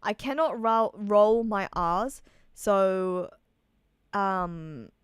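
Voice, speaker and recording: A woman's voice: mid-range voice, very slow, clear, resonant tone, dry recording, studio quality. A woman chatting casually on a live stream, reading out and answering viewer messages. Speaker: streamer reacting to a manga chapter.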